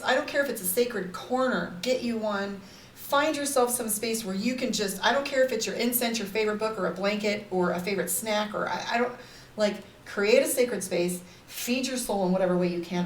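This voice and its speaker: A woman's voice: medium pitch, a little hiss or hum. A woman, a psychic and life coach, talking candidly and rambling to viewers on a casual live stream, with frequent "like" and "right?". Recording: roomy echo, somewhat far from the mic.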